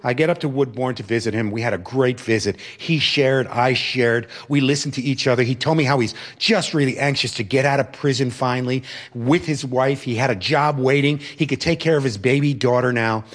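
A man, a teacher and former religious brother, telling a personal story with animated, expressive delivery that swings from loud to hushed. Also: medium pitch, a little fast, hardly any pauses.

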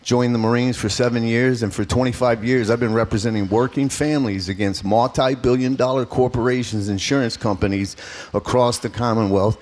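A man's voice: mid-range voice, fairly even intonation, a little fast, a little mellow. A man in his fifties, an earnest and emphatic political candidate answering questions as a radio interview guest.

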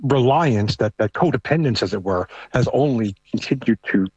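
A middle-aged man with a thick New York accent and a husky, slightly rough voice. He talks conversationally, often restarting his sentences. The recording is dry and close. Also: mid-range voice, animated, moderate pace, a little mellow, dry recording, highs cut off. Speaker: guest, American living in Canada. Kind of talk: casual discussion.

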